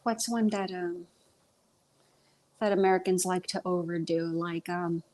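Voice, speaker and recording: A woman's voice: fairly low pitch, fairly even intonation, unhurried, darkish tone. A young woman with a Texan Southern accent, chatting casually on a livestream with lots of ums. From Texas. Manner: chatty, self-conscious, many ums. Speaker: livestream host.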